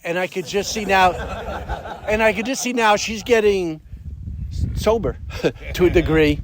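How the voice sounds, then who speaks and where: A middle-aged man telling a story at a recovery meeting in a casual, animated way, swearing and acting out the voices of the people in it. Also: sits high, a little slow. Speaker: speaker sharing at a recovery meeting.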